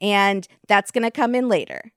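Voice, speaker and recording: A woman co-hosting a chatty recap podcast, her mid-range voice recorded close and dry. She retells the events with wry humor and lively energy, often breaking into laughs. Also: mid-range voice, moderate pace, clear, resonant tone, dry recording. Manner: wry, animated storytelling with frequent laughs. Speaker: podcast co-host. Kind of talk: casual recap chat.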